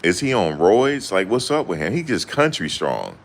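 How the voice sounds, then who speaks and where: A man's voice: low voice, big pitch swings, moderate pace. A young man chatting casually to camera in loose, slangy banter, often laughing. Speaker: vlogger.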